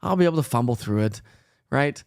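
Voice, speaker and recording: A man in his thirties hosts a casual morning weather livestream, talking in a chatty, rambling way full of folksy asides. His voice sits at an ordinary middle pitch. The sound is dry and close, with no room echo. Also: expressive, fairly quick, darkish tone, smooth. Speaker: weather show host.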